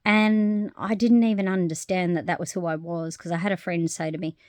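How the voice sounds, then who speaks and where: A woman talking openly to camera in a casual vlog, animated and frank, swearing freely and laughing often. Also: fairly low pitch, fairly quick, no room sound. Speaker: vlogger. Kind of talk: casual personal monologue.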